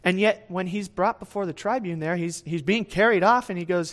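A man preaching a sermon in a conversational way, often checking in with his listeners. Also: high voice. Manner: lively swings in loudness, speeds up and slows down. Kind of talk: sermon, verse-by-verse teaching.

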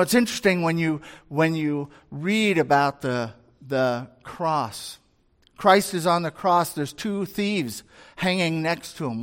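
Man preaching a sermon in a high voice. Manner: conversational preaching, acting out quoted voices, rising to near-shouts. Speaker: pastor.

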